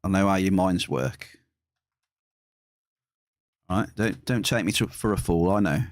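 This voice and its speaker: A man chats his way through a live game stream, joking with and teasing his viewers. His voice sits a little low, and the sound is dry and close, with no room around it. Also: measured pace, dry recording. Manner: playful, teasing banter with chat.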